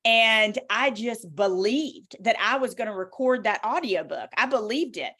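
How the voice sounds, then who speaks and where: A woman with a Southern US accent, an author talking through her own stories in a lively, motivational way as an interview guest. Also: on the high side, a little slow. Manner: animated, storytelling, motivational. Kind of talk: casual interview talk.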